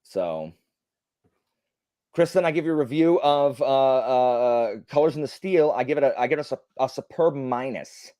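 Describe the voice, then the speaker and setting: Animated young man rambling on a livestream. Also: mid-range voice, normal speed, smooth, no echo, studio quality. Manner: rambling, animated storytelling with many fillers. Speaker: livestream host. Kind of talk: casual chat.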